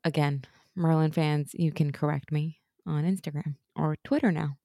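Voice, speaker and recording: A woman's voice: sits low, fairly even intonation, normal speed, warm tone, no room sound, clean studio sound. A woman co-hosting a casual podcast, talking through a TV episode with strong opinions, frequent laughs and the odd swear word. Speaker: podcast co-host. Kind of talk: casual rewatch chat.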